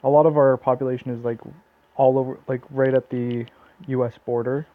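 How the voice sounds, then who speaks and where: A man with a Southern Ontario Canadian accent, talking over gameplay in a loose, rambling way, full of fillers and restarted sentences. His voice sits at an ordinary middle pitch and comes through a thin, tinny, phone-like mic. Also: level tone, a little fast, no room sound. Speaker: let's play commentator. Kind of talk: casual gameplay commentary.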